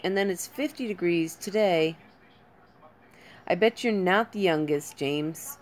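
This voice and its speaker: A woman chatting casually on a live stream, calling viewers by name and comforting them gently. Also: fairly low pitch, unhurried, pauses often.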